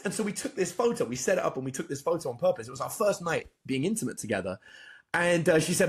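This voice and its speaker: A man, a dating coach, telling animated stories as a podcast guest, acting out both sides of past conversations. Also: a little high, racing. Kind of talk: storytelling in a podcast interview.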